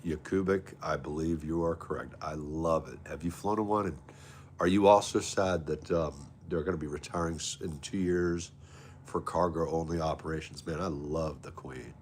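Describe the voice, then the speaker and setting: Here's a man with a low, deep voice, casually hosting a livestream and greeting chat viewers by name in a friendly, easygoing way. A faint hum sits behind him. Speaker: livestream host.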